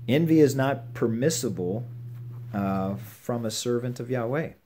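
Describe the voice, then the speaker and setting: An older man giving earnest, measured advice on scripture to his children and grandchildren at home. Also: mid-range voice, expressive, mellow, slight background noise. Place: home with a puppy nearby.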